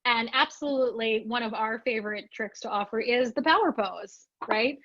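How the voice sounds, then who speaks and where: A woman presenting a storytelling webinar, telling anecdotes in a lively, expressive way and acting out her own lines. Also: fairly high pitch, moderate pace, dry recording, lo-fi sound.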